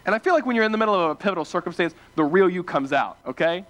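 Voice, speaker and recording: Young male preacher from small-town Ohio, high voice, animated and filler-heavy storytelling. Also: racing. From small-town Ohio, USA. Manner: animated, self-deprecating, many fillers and restarts. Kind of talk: casual storytelling sermon.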